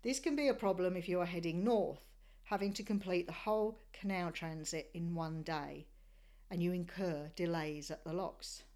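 A woman from Australia giving scripted travel narration of a sailing voyage in a measured, descriptive storytelling manner. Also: on the low side, a little mellow.

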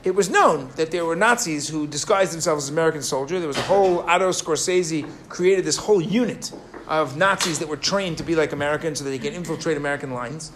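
A man's voice: on the high side, fast talker, a bit bright, slight background noise. A man giving a sermon to a live audience, telling a story and asking his listeners questions, with many restarts.

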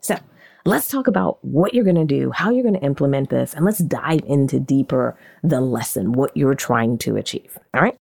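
A woman hosting a podcast, teaching in an animated, conversational way and often asking questions aloud. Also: very deep voice, moderate pace, vocal fry. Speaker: podcast host and marketing coach. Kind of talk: casual teaching monologue.

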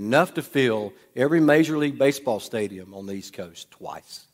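A man's voice: mid-range voice, animated, moderate pace. Preaching man in a reverberant church. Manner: dynamic preaching, swings from loud to hushed. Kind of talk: sermon. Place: church sanctuary. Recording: long hall reverb.

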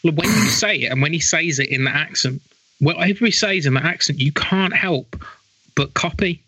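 Man, casual chat, blunt, sweary, bright voice, dry sound. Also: fairly high pitch, normal speed, husky, no echo, rough recording.

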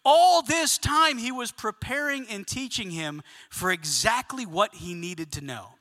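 A man preaching a sermon to his congregation, telling a story with lively asides and questions to the listeners. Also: high voice, unhurried. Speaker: pastor. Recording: long reverb of a large hall.

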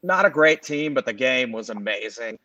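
A man's voice: mid-range voice, expressive, normal speed, pushed and bright, dry recording, dull audio. A man in his forties from the Los Angeles area, rambling through a casual sports chat as a podcast co-host, full of fillers and self-corrections. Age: 40s.

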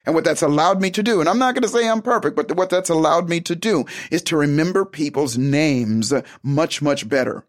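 A man giving a motivational self-help talk, emphatic and animated, acting out little conversations as he goes. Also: on the high side, fairly quick, hardly any pauses.

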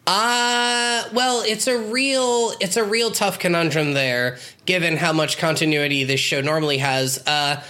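A man's voice: fairly high pitch, a little slow, hardly any pauses, bright, forceful tone. A man co-hosting a podcast, chatting casually and sarcastically about a TV show, swearing now and then. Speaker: podcast co-host.

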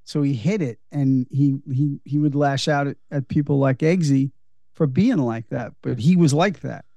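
Gravelly, dark-voiced male co-host. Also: medium pitch, moderate pace, no room sound, muffled recording. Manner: explanatory, profane. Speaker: podcast co-host. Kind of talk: casual chat.

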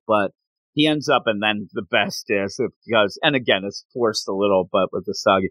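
A man hosting a casual chat recapping an anime, talking in a rambling, animated way and laughing often. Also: lowish voice, normal speed, no room sound, low-quality recording.

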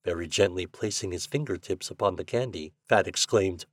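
Low-pitched and brisk, this male podcast host barely pauses as he reads a children's story, giving the characters expressive voices. The recording is dry and studio quality.

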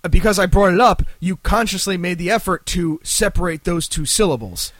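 A young man from New Jersey with a New Jersey accent and a somewhat high voice, stumbling and restarting as he explains his point to his friends. The sound is dry and close-miked. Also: fairly bright tone, dry recording. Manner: rambling, halting restarts. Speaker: podcast co-host. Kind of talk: casual chat.

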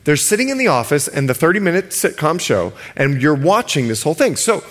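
A male pastor from the Bahamas preaching a sermon. He stretches key words slowly for emphasis and jokes with the congregation. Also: fairly high pitch, big pitch swings, fairly bright tone.

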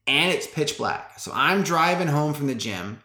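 A young man tells a story in a loose, chatty way, peppering it with "like" and "bro" as he talks to his listeners. His voice is bright and forward. The sound rings a little, as if he is in a room with hard walls. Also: on the high side, lively intonation, unhurried, echoey room. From Texas. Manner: chatty, laid-back, full of "like" and "bro". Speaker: podcast host.

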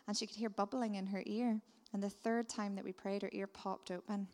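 Woman, missionary testimony, earnest storytelling, gravelly fry, long hall reverb. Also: mid-range voice, flat delivery, measured pace, long pauses. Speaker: missionary speaker. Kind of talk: testimony talk.

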